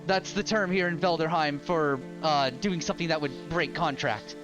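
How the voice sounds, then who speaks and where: A man narrating a tabletop game as dungeon master, relaxed and casual with frequent filler words. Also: fairly high pitch, moderate pace. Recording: dull lo-fi with loud ambient music.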